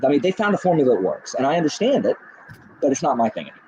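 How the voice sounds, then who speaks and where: A man hosting a casual book chat, talking in animated, ranting bursts with faint background noise. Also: a little high, very fast, dull audio. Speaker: booktube host. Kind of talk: casual chat on a group video call.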